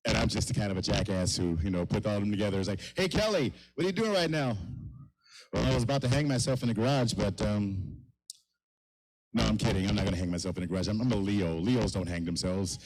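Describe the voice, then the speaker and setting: A man's voice: fairly low pitch, fairly even intonation, fast talker, a little mellow, poor audio. A middle-aged man hosting a live comedy show in a kava lounge, rambling and mocking himself with stumbling restarts.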